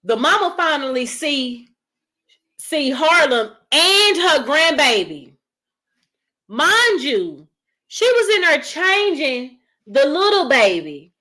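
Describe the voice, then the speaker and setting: A woman's voice: high-pitched, slow pace. A woman hosting a casual movie review, retelling the plot. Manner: animated storyteller, acts out characters' lines. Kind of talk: casual spoiler recap of a movie.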